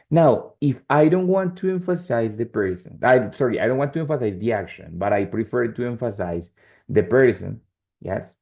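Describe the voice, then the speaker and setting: A man teaches English on a video call. His voice is gravelly and mid-pitched, and the audio is dull and lo-fi. He talks things through patiently, dropping in "right?" and "yes?" as he goes. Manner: explains slowly with many checks like "right?" and "yes?". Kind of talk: online English lesson.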